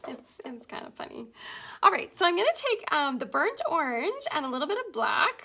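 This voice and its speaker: A woman's voice: high voice, big pitch swings, a little fast, gravelly, bright, forceful tone, a little hiss or hum. A middle-aged Canadian woman chatting with viewers as she teaches a painting tutorial, giggling often. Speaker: painting instructor. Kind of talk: casual live painting tutorial.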